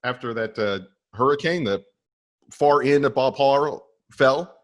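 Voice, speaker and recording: A man's voice: mid-range voice, a little slow. A man guesting as a meteorologist on a casual podcast, friendly and chatty. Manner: friendly, chatty, laughs easily. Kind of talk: casual interview chat.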